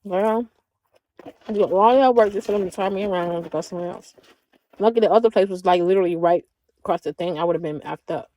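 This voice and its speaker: A woman's voice: on the low side, fast, mellow. A woman livestreaming in a casual chat, drawling and talking back to her viewers.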